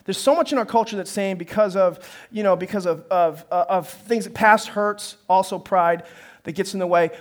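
Man preaching a sermon, high-pitched voice, animated storytelling, acts out the dialogue. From northern United States. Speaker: pastor.

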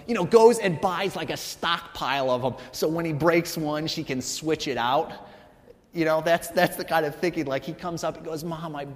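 A man in his thirties, a pastor giving a conversational sermon, telling the story casually and checking in with the congregation with frequent "right?" asides. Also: mid-range voice. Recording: long hall reverb.

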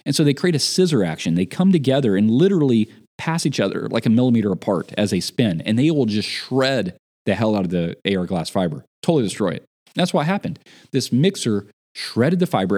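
A man in casual chat, telling an animated story about a job gone wrong. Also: mid-range voice, a little fast. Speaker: podcast guest.

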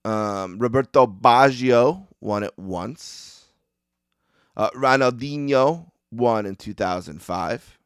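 Slow, smooth-voiced Western New York man. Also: medium pitch, no echo, studio quality. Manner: rambling, self-deprecating, frequent ums and uhs. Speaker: podcast host. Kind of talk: casual solo monologue.

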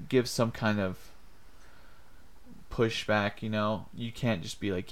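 A man's voice: on the low side, a little slow, long pauses. A young man co-hosting a podcast, talking earnestly and rambling a little, acting out the lines he quotes. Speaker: podcast co-host. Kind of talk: casual chat.

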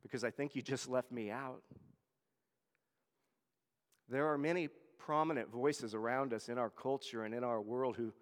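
A man's voice: medium pitch, fairly even intonation, moderate pace, long pauses, big-room sound. A man serving as a church elder, preaching a conversational sermon and often repeating words as he goes. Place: church hall.

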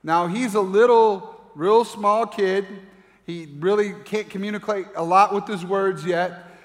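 A man's voice: high voice, measured pace. A middle-aged man preaching a sermon as pastor, telling a family story and acting out voices as he goes. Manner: animated storyteller, acts out voices. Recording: long reverb of a large hall.

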